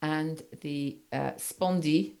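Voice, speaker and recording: A woman with a low voice leads a class, pausing often on fillers and restarts. She keeps checking in with the students as she explains. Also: steady tone, vocal fry, darkish tone. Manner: halting, many fillers, checks understanding. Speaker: teacher. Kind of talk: university seminar lecture.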